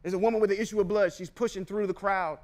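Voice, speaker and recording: High-voiced, emphatic male podcast host. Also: fairly even intonation, fast talker. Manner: emphatic, confrontational, slangy asides. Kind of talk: scripture reading with casual commentary.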